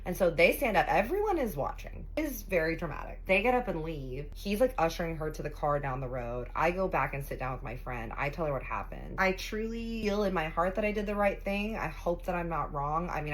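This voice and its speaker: A young woman with a low voice tells a story in a casual, chatty way. She retells the drama with plenty of expression and drops in the occasional swear word. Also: lively intonation, fairly quick, hardly any pauses, slight background noise.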